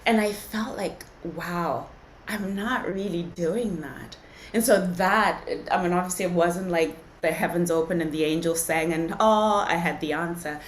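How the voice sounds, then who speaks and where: Lowish woman from zimbabwe telling her story on a podcast, earnest, kinda echoey room. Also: unhurried, slight background noise. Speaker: podcast guest, entrepreneur. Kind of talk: casual interview conversation.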